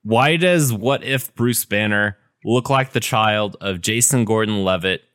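A man's voice: on the low side, a bit bright, clear, resonant tone, no echo, studio quality. A man co-hosting a podcast, chatting casually and rambling a little as he reviews episodes. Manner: unhurried, rambling with restarts. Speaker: podcast co-host.

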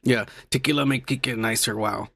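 A man's voice: mid-range voice, fairly even intonation, moderate pace, creaky, fairly bright tone, slightly rough, dry recording, clean studio sound. A man co-hosting a podcast, grumbling and swearing in a crude, drunk, casual chat. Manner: profane, grumbling, mock-angry. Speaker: podcast co-host.

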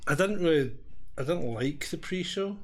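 Dry grumbly guy, deadpan, casual live chat. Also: fairly high pitch, moderate pace. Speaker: co-host of a live stream.

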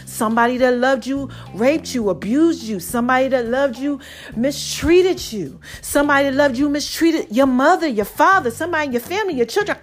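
High-voiced woman podcaster. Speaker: podcast host. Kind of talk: casual motivational monologue.

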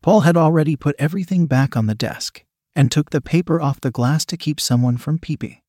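Mellow-voiced man reading a story. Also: a little high, a little fast, no room sound, clean studio sound. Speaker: narrator. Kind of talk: first-person erotic story reading.

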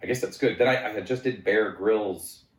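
Rambling man in his forties, roomy echo. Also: moderate pace. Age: 40s. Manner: rambling storyteller, jumps into high excited voices when quoting himself. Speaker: guest. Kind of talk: casual chat.

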